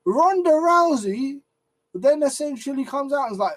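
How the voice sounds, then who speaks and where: High-voiced, flustered, ranting man. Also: expressive, moderate pace, a bit bright. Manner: flustered, sweary, repeats words when annoyed. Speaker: wrestling commentary channel host. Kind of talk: ranting opinion commentary.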